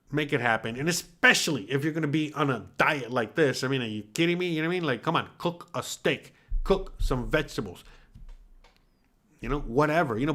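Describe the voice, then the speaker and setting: A mid-range male voice belongs to an American podcast host chatting casually on a livestream while he reads the chat. He's blunt and profane, animated, and leans on filler tags like "all right?"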